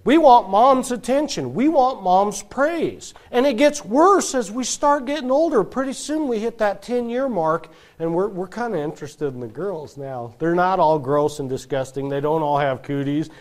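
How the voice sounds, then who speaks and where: A man in his thirties preaching a sermon, telling stories with lively delivery and acting out quoted voices. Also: high-pitched, normal speed, hardly any pauses. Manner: animated storytelling, acts out quoted voices. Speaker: pastor.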